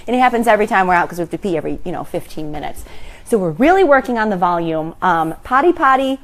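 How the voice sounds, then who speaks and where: Animated, laughing woman host. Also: lowish voice, very fast. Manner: laughs often between sentences; acts out a toddler's shouts. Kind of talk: casual chat.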